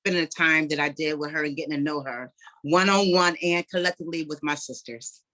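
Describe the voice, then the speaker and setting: A woman coauthor on a video call giving heartfelt, slightly halting praise. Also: low-pitched, bright, forceful tone.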